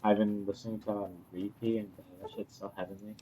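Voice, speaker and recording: A young man co-hosting a podcast in casual chat, talking low and hushed with slangy words. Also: flat delivery, quick pace, slight background noise. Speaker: podcast co-host.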